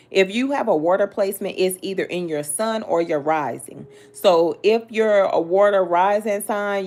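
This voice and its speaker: A woman's voice: lowish voice, a little mellow. Blunt, sassy woman reading tarot. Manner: blunt, sassy, talks straight to the listener with slang and cursing. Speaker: tarot reader.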